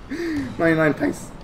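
A young man giving excitable, foul-mouthed reaction commentary. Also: sits high, gravelly, noisy background. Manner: excitable, swears a lot, bursts of shouting. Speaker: vlogger reacting to basketball footage.

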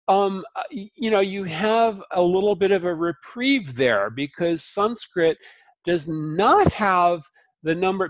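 In a recorded Sanskrit lecture, a man with a high voice repeats syllables slowly and explains them in a relaxed way, using many fillers. There is no echo.

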